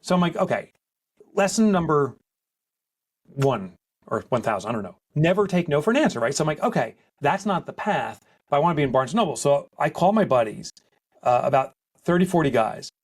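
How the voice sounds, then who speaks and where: A man's voice: fairly high pitch, fairly quick. A man, a podcast guest telling a story with lots of life and acting out the people in it. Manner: lively, acts out other people in quoted voices. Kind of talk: animated storytelling in conversation. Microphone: podcast microphone.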